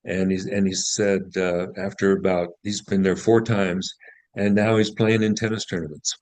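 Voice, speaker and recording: A man's voice: low-pitched, little pitch movement, normal speed, darkish tone, no echo, low-quality recording. A man in his sixties, a guest author, telling folksy stories with self-deprecating humor and frequent restarts. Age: 60s. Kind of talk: casual interview chat.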